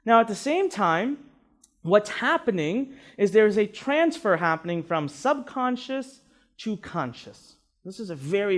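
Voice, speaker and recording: A man teaching a live seminar to an audience as a marketing instructor, emphatic and repeating words, often asking "right?". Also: high-pitched.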